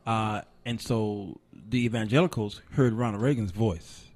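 Male preacher-host, lively storyteller, dry studio sound. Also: fairly low pitch, measured pace, no echo. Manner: animated storyteller, laughs often. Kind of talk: casual talk show storytelling.

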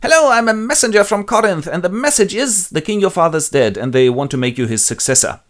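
A man's voice: high voice, expressive, fast talker, pitched above the performer's own voice. A man voicing a chatty old shepherd who works as a messenger. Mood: cheery. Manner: breezy, loud.

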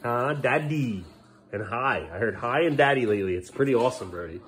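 A man's voice: fairly low pitch, expressive, quick pace, low-quality recording. A man filming a casual family vlog at home, coaxing his young sons and then scolding them in exasperation. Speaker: father and family vlogger.

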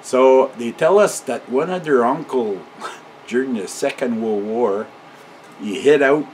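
A man's voice: medium pitch, unhurried, darkish tone, slight background noise. An older man telling a casual, rambling story, often chuckling and ending his sentences with a questioning "eh?".

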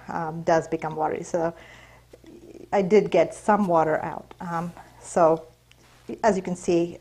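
Woman host, low-ish voice, casual cooking demo, chatty with fillers. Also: poor audio. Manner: relaxed, chatty, many fillers. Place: kitchen.

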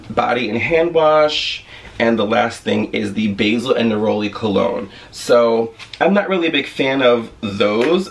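Gravelly man gushing in a vlog. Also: medium pitch, recorded from a distance, slight background noise. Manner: enthusiastic, gushing, rambling. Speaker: vlogger. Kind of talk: casual haul vlog.

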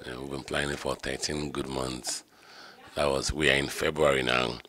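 Very deep gravelly middle-aged man. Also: flat delivery, normal speed, pushed and bright. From Nigeria. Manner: heartfelt, rambling with repeated "you know". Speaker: groom. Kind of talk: wedding interview.

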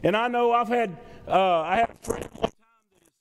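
This pastor's voice is very high-pitched, creaky yet smooth, and a little fast. He preaches a conversational sermon in a church sanctuary, driving points home by repeating phrases, while the hall rings with long reverb.

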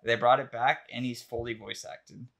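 A man hosting a casual podcast chat, rambling with lots of ums and likes as he gets excited about new releases. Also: mid-range voice, normal speed, gravelly. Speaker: podcast host.

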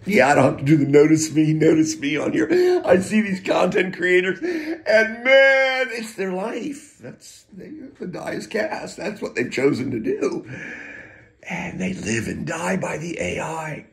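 A man's voice: high-pitched, sing-song, a little slow. A middle-aged man rambling in a casual monologue, profane and emotional, with muttered asides and wry laughs. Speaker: poet and vlogger.

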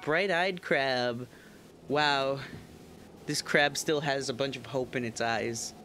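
A man's voice: mid-range voice, steady tone, measured pace, pushed and bright, faint music behind. A man streaming a game, joking, swearing and laughing often in casual commentary. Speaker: gaming streamer.

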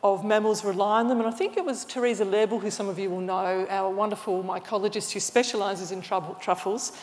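A woman's voice: medium pitch, fairly even intonation, fast talker, darkish tone. A woman giving an enthusiastic, explanatory illustrated lecture, restarting phrases now and then. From Australia. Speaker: mycologist giving a talk. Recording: long hall reverb.

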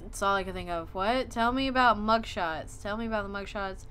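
A woman's voice: medium pitch, fairly quick, pushed and bright, slight background noise. A woman hosting a game playthrough, commenting in a goofy, rambling way. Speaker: let's play host.

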